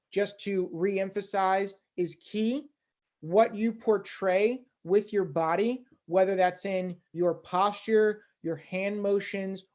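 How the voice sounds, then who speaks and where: Speaking in a mid-range voice, this fundraising teacher lectures in a chatty way, full of casual filler words. Excitement makes them speed up and get louder.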